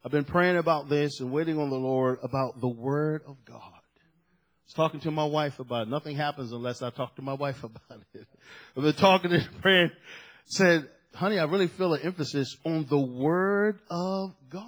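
A middle-aged male pastor preaching a sermon, swinging from shouted emphasis to hushed asides. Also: on the high side, moderate pace, rough recording.

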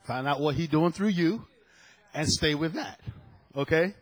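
A man's voice: on the high side, unhurried. A male preacher delivering a sermon, emphatic and dramatic, repeating key phrases for effect. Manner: dramatic storytelling with sudden loud peaks.

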